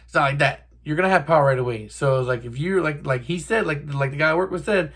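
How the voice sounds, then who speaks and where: A man's voice: on the high side, fast, a bit bright, husky. Young dude rambling about his car to the camera, swears a lot, loose and chatty. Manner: profane, rambling, buddy-to-buddy. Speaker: car channel host. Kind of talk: casual talk to camera.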